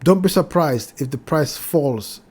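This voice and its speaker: Guy going over crypto charts, mellow warm voice, keeps saying be careful and repeating himself. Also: fairly high pitch, lively intonation, measured pace, slightly rough. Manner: cautionary, repeats phrases, addresses "ladies and gentlemen". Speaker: crypto trading channel host. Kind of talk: chart analysis talk.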